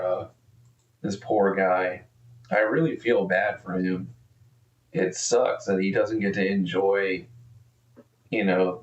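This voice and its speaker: A man's voice: low-pitched, echoey room, far from the mic, lo-fi sound. A man live-streaming and commenting casually, profane and rambling, easily exasperated.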